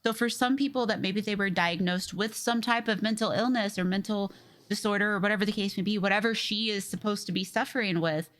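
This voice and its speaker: A woman's voice: medium pitch, fairly quick, fairly bright tone. A woman co-hosting a casual film review podcast, chatty and explaining things with some hedging. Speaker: podcast co-host.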